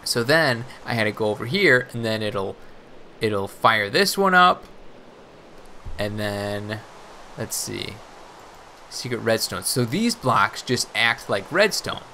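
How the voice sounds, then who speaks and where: Male let's-play host: bright, animated, rambling and self-deprecating, faint background hiss. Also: lowish voice, slow pace, long pauses. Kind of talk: casual gameplay commentary.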